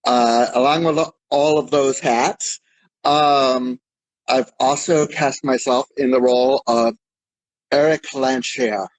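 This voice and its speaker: Unhurried, halting male producer, dry close mic. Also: mid-range voice, fairly even intonation, no echo, rough recording. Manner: hesitant, full of fillers. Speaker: writer-producer of fan series. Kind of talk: casual video call interview.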